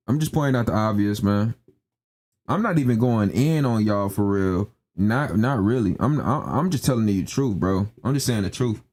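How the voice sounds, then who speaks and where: A man's voice: lowish voice, expressive, normal speed, darkish tone. A young man ranting emphatically in slangy casual talk on a live stream, repeating his points. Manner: emphatic, repetitive, slangy, keeps asking "you know what I'm saying".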